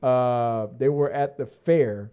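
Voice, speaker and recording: A man's voice: medium pitch, slow, mellow, clean tone. Rambling man on a casual podcast. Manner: rambling, profane, lots of fillers and restarts. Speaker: podcast co-host. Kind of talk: casual chat.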